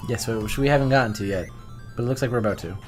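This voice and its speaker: A man co-hosting a retro game review, chatty and quick to laugh, full of fillers. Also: medium pitch, soft background music. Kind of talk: casual game commentary.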